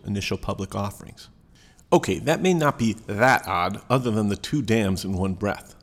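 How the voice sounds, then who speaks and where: A man's voice: lowish voice, animated, normal speed. A man reading a news commentary article aloud as narrator, with a dry, wry delivery.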